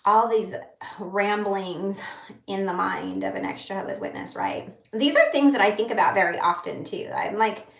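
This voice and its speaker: Woman, 30s, livestream vlogger; candid rambling chat, gravelly edge, roomy echo. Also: medium pitch. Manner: rambling, candid, pauses to read comments. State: holding back tears.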